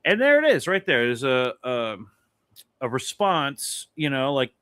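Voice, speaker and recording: A man's voice: medium pitch, unhurried, clean tone, no echo. A man co-hosting a casual talk show, telling a long story with a lot of swearing. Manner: animated, swearing, rambling anecdote. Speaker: podcast co-host.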